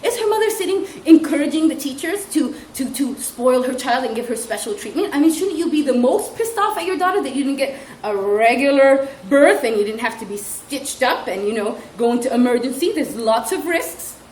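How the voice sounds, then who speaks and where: A young woman with a high voice rants about her teaching job in a casual comedy vlog. She giggles often and acts out what the children say in a mocking way. The room has a lot of echo, with faint noise behind her. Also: fairly quick, hardly any pauses. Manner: giggly, mocking, animated storytelling with acted-out quotes. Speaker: vlogger and ESL teacher.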